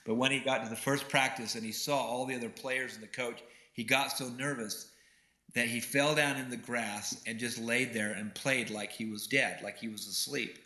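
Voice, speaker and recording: Male keynote speaker, bright, forceful tone, earnest storytelling, echo of a big room. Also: mid-range voice, fairly even intonation, moderate pace. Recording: roomy hall echo.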